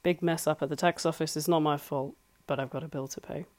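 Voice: mid-range voice, steady tone, fast talker, darkish tone. A life coach giving earnest, conversational advice from home, repeating points for emphasis. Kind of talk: solo advice talk. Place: home flat.

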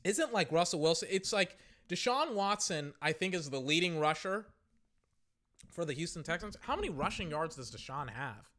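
A young man hosting a casual podcast, giving play-by-play commentary on a game with slangy, excitable reactions, his voice going hoarse. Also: a little high, moderate pace. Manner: excitable, shouting at big plays, slangy. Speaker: podcast host.

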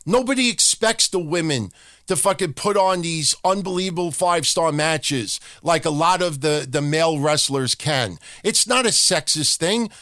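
Man, podcast host, high bright voice, profane opinionated rant, dry close sound. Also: animated, moderate pace, no room sound. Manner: profane, mocking, acts out other people's talk.

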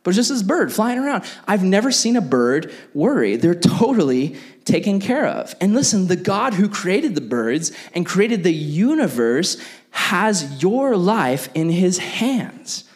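A young man giving a casual sermon to young people, chatty and animated, acting out little scenes. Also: sits high, unhurried. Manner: animated, chatty, full of "like", acts out bits. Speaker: youth pastor.

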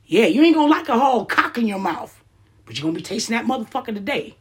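A woman's voice: medium pitch, animated, brisk. A woman delivering a heated, blunt, profane rant to camera, firing off rhetorical questions. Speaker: vlogger.

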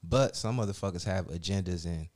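Low-voiced male host, casual and profane storyteller who animates his quotes. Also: brisk, a little mellow. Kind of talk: casual chat.

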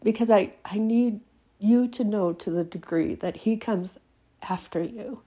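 A woman's voice: mid-range voice, a little slow, dark tone, husky. A woman giving an earnest devotional talk to her listeners while sick with a fever and teary, emphatic and sometimes dropping to a whisper. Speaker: Christian devotional host.

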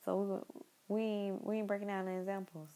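A young woman rambles through a casual monologue in a low-toned, mellow voice with a gravelly fry. She often repeats herself and turns to her listeners directly. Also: flat delivery, fairly quick, low-quality recording.

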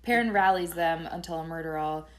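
A podcast co-host with a fairly low voice speaks fairly quickly in a casual book-club recap. She goes over the chapters chattily, adding dry asides and laughs.

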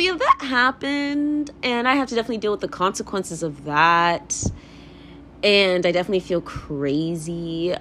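On her laid-back solo podcast, a young host talks openly and meanders, packing in filler words, curses, and laughs. She has a medium-pitched, slightly bright voice, with a bit of noise in the background.

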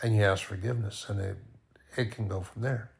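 A man giving an informal, conversational sermon, often dropping to a quiet voice. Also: fairly low pitch, steady tone, brisk, creaky. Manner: conversational, with sudden soft drops to near-quiet. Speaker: preacher.

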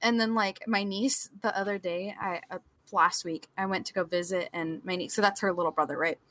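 A young woman co-hosting a podcast over a remote call, talking in a rambling, animated way with many fillers. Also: on the low side, a little fast. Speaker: podcast co-host. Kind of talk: casual chat. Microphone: remote call mic.

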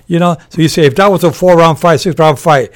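An older man, a former boxer and referee, telling animated stories with laughter in an interview. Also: fairly high pitch, fast. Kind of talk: storytelling in a podcast interview.

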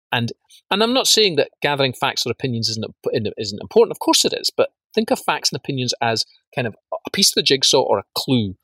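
A man's voice: mid-range voice, bright, forceful tone, no echo. A man teaching a business course, asking rhetorical questions and stressing words emphatically, with frequent repeats. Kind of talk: spoken lesson on facts and truth.

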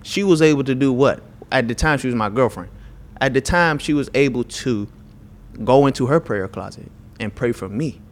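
Male co-host, average pitch; delivers faith testimony with emphatic, preacher-like urgency. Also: lively intonation, moderate pace. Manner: preachy and emphatic, keeps asking "right?". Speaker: podcast co-host.

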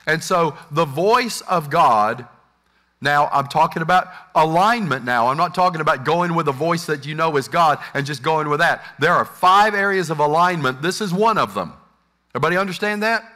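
A man's voice: a little high, pushed and bright. A middle-aged man preaching a sermon as pastor, acting out uncertain inner voices for the congregation.

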